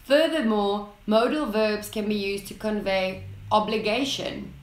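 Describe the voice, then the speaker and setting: A woman narrating an English lesson in a slow, deliberate way, reading out example sentences with clear enunciation. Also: mid-range voice, expressive, roomy sound. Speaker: English teacher.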